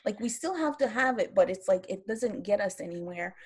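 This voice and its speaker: A woman in her fifties from Quebec speaks on an online panel over a video call. She sits at an average pitch for a woman. She talks earnestly and passionately and often stops to restart a sentence. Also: lively intonation, brisk, breathy edge. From Quebec, Canada. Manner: earnest, impassioned, with frequent restarts. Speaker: round-table panelist. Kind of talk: online round-table talk.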